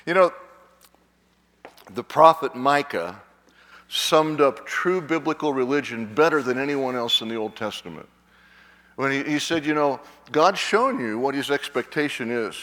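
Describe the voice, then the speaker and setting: A man's voice: mid-range voice, fairly bright tone, big-room sound. A man in his sixties, a pastor preaching a sermon, emphatic, with frequent restarts and repeated words, asking his congregation questions. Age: 60s. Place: church sanctuary.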